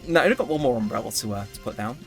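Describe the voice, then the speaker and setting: A man's voice: medium pitch, lively intonation, very fast, vocal fry. A man giving rambling, self-correcting commentary while playing a game. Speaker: gaming YouTuber. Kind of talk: casual gameplay commentary. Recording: faint background music.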